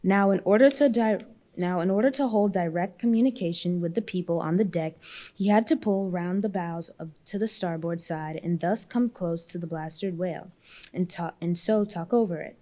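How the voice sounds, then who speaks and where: A woman reads a classic novel aloud at a public marathon reading. Her voice is mellow and sits a little low, and she often stumbles and backs up to restart a phrase. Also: normal speed. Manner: reads with frequent slips and restarts. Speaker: volunteer reader.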